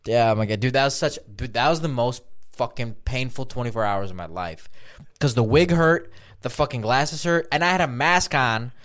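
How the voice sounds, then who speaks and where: A young man at an ordinary middle pitch co-hosts a casual podcast. He tells his stories in an animated way, swearing freely and laughing between the lines. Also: moderate pace. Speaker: podcast co-host.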